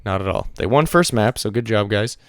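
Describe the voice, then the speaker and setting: A man co-hosting a casual esports podcast, chatting quickly through teams and players. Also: fairly low pitch, animated, smooth, dry recording. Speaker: podcast co-host.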